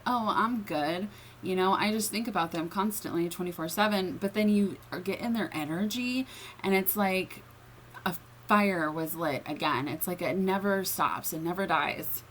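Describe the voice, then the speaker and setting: A woman's voice: on the low side, a bit bright, slight background noise, rough recording. A woman giving a casual tarot reading in a chatty, filler-heavy way, often checking in with the listener. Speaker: tarot reader.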